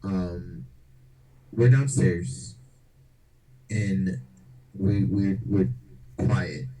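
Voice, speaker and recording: Male podcast host, deep mellow voice, casual profane storyteller. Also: very slow, poor audio. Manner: loose and profane, slangy fillers.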